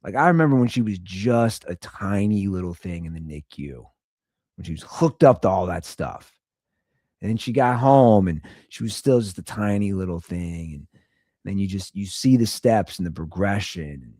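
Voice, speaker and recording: Chatty rambling young dad podcaster. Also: male voice, deep voice, lively intonation, normal speed, darkish tone, no echo, clean studio sound. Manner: rambling, chatty, swings between sing-song and mumbling. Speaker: podcast host. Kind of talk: casual solo podcast rant.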